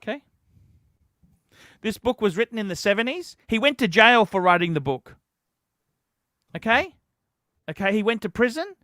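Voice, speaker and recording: A man's voice: high voice, big pitch swings, normal speed, pauses often, pushed and bright, dry recording, clean studio sound. A man hosting a livestream, telling a heated, profane story in a ranting chat. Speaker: livestream host.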